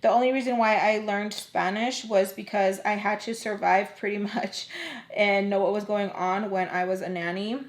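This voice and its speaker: A woman's voice: mid-range voice, fairly even intonation, moderate pace. A young woman vlogger chatting casually through a storytime while doing her makeup, full of "like" and acted-out quotes. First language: English. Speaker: beauty vlogger.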